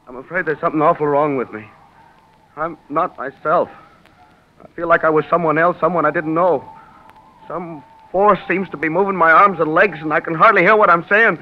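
An actor playing a feverish, frightened young lighthouse assistant in an old radio drama, shaky and pleading. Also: male voice, a little high, narrow, tinny audio, lightly acted.

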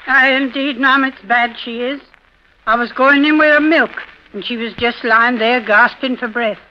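A woman's voice: on the high side, fairly even intonation, moderate pace, natural voice. An actress playing a rambling, talkative charwoman in an old radio drama. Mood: chattering. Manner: rambling, garrulous. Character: chattering Irish charwoman, talkative, devoted. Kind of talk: 1930s radio drama acting. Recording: dull old radio recording with faint hiss.

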